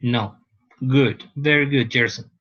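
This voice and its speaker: A man's voice: medium pitch, measured pace, a bit bright, dull audio. Man teaching. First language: Spanish. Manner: explains patiently, checks understanding with "right?". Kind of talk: university lecture.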